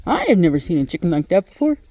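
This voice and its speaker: A woman's voice: fairly low pitch, sing-song, mellow, slight background noise, pitched below the performer's own voice. A woman voicing a baffled female goat who gawks at a strange chicken and fires off incredulous questions. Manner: incredulous, gossipy rapid questions.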